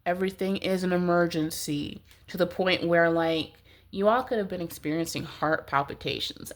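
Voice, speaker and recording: Nasal, congested woman reading tarot. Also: on the low side. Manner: rambling, heavy use of "like". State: stuffy nose, congested. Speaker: tarot reader.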